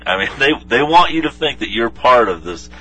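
A man's voice: medium pitch, sing-song, a little fast, sharp tone, husky, recorded from a distance, faint music behind, poor audio. A man co-hosting a Christian call-in radio show, talking casually with many "you know"s. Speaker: radio co-host.

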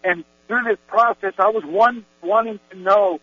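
A Christian man meanders through his personal testimony, restarting often and using many fillers. His high-pitched voice is slightly rough and moves at normal speed with no room sound, captured in a tinny, phone-like recording with mains hum.

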